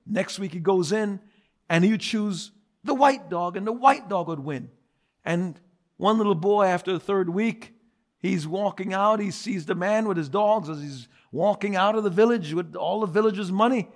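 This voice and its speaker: A man preaching a sermon as pastor, swinging from loud emphatic repetition to quiet dramatic storytelling. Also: high voice, animated, unhurried.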